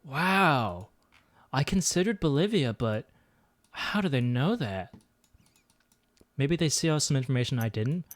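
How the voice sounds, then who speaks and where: A man's voice: medium pitch, animated, a little slow, pauses often, no room sound. A man streaming a geography guessing game, thinking aloud and muttering his guesses with self-deprecating asides. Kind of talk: casual gameplay commentary.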